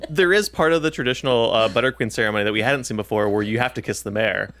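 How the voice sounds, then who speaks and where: A man's voice: medium pitch, fast, a bit bright. A man co-hosting a comedy podcast, jumping in with enthusiastic improvised lines. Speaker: podcast co-host.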